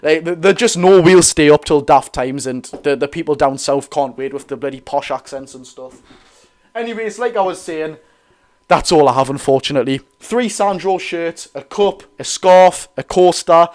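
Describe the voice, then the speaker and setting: An eighteen-year-old man with a Geordie accent, chatting excitedly and rambling through a live football watch-along from a room at his dad's house. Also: fairly high pitch. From North East England. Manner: excitable, rambling, quick to apologise. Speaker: football fan streamer.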